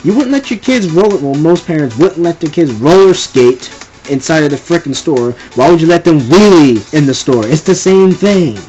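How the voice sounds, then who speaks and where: A man's voice: on the high side, animated, moderate pace, dark tone, lo-fi sound, soft background music. A young man ranting casually and with exasperation, rambling and repeating himself. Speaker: vlogger ranting. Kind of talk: casual rant to camera.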